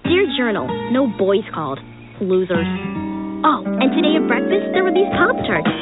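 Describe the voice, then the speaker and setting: Bubbly diary girl, woman voicing her in an old cereal ad, bouncy sing-song voice, tinny sound with loud guitar under it. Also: a little high, very animated, normal speed, pitched above the performer's own voice. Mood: giddy. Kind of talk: vintage cereal ad.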